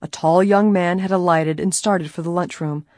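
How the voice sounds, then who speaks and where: A woman narrating an audiobook in a steady, even storytelling manner. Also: fairly low pitch, normal speed, dry recording, studio quality. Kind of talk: scripted narration.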